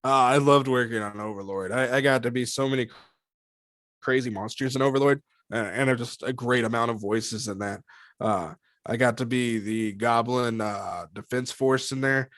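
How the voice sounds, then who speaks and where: A man being interviewed about his voice work, talking in a lively, animated way, laughing often and slipping into character voices. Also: medium pitch, normal speed, no room sound, studio quality. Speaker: voice actor guest. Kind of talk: casual interview chat.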